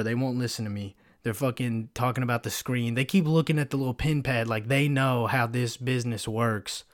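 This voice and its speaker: Young man, solo podcast host, foul-mouthed rambling rant, close mic. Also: mid-range voice. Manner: profane, rambling storytelling with many fillers. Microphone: pop filter mic.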